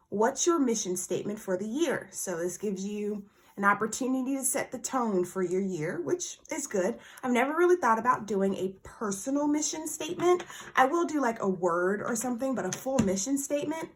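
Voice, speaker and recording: A bubbly woman talks through an unboxing in a relaxed, chatty way. Her voice sits a little higher than most and jumps up when something excites her. She drifts from the mic now and then as she handles things. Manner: bubbly and excitable, gushes over small surprises. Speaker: planner vlogger. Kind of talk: casual unboxing chat.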